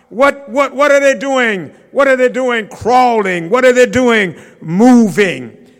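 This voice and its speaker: High gravelly preacher in a hall. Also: male voice. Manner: preaching with shouted rises and slow drawn-out phrases. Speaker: pastor. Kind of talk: sermon. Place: church sanctuary. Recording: long church-hall reverb.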